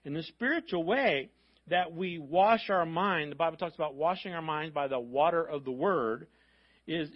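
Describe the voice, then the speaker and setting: A fairly high-pitched man preaches to his church in a chatty, conversational way, tossing in asides and repeating himself for emphasis. The recording sounds dull and lo-fi. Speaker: pastor. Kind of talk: sermon. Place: church sanctuary.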